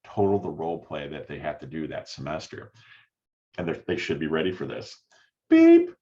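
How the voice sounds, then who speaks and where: Deep-voiced man telling classroom stories. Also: brisk. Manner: animated, acts out his students' voices. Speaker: sales professor and podcast guest. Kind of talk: conversational interview storytelling. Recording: dull, lo-fi audio.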